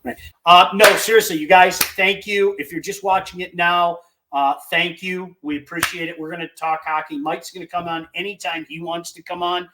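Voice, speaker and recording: A middle-aged man hosting a casual sports podcast from a basement studio, excitable and chatty, reading out listener picks. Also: high-pitched, moderate pace, noisy background. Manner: excitable, chatty, jumps between topics. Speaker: podcast host.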